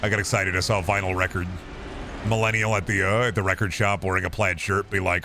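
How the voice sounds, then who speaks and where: A man's voice: low-pitched, brisk, pushed and bright, a little hiss or hum. A man streaming a game, rambling through casual, profane commentary full of jokey asides.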